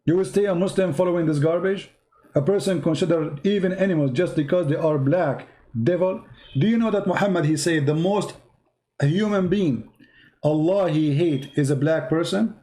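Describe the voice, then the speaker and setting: A man leads a heated call-in debate, pressing his caller again and again. His voice sits a little high but sounds dark and mellow. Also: normal speed. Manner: insistent, challenging, repeats phrases.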